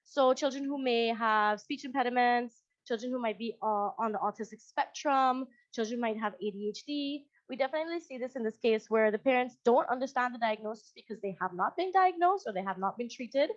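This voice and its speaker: A woman's voice: fairly high pitch, brisk, few pauses, no echo, highs cut off. A woman psychologist with a Guyanese accent giving a conversational presentation over a video call, often acting out quoted parents.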